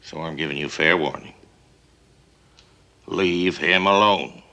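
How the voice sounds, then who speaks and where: A man's voice: low-pitched, slow, bright, forceful tone, exaggerated voice. An actor playing a brash, boastful TV showman in a 1950s film, talking in a bombastic, domineering way. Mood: defiant. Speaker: TV broadcaster on safari.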